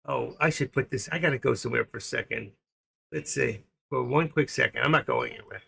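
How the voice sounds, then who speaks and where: A man's voice: medium pitch, fairly quick, gravelly, a bit bright, slight background noise. A man with a New York accent from Queens hosting a trading livestream, rambling and joking as he thinks aloud. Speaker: stock trading livestream host. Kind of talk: casual livestream chat.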